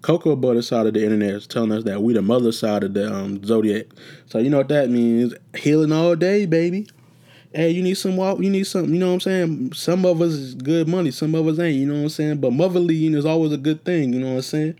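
A man's voice: fairly high pitch, fast, dark tone. A man hosting a casual solo podcast from his room, rambling and swearing freely as he tells stories. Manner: rambling, profane, laid-back storytelling. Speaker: podcast host.

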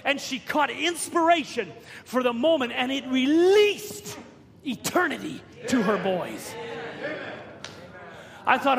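A man preaching a sermon, telling a story with repeated words and rising to shouts at key points. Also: very high voice, animated, slow pace, gravelly, long pauses, a crowd in the background. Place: church hall. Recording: long reverb of a church hall.

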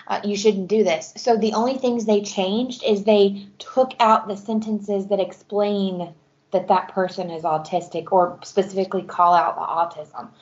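A woman co-hosts a casual book podcast and states her opinions bluntly. Her voice sits at a middle pitch. The audio is dull and lo-fi. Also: fairly even intonation, unhurried. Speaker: podcast co-host.

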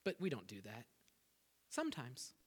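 A man preaching a sermon as pastor, animated, acting out people's prayers to God with rising intensity. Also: medium pitch, moderate pace, slightly rough. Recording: reverberant hall.

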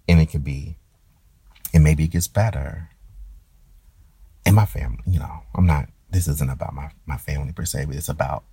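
A very low-voiced man with a gravelly, husky edge, speaking in a dry, close recording. He muses through a personal monologue in a halting way, stammering and circling back as he searches for words. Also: warm tone, no room sound. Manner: hesitant, restarts and stammers. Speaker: performer.

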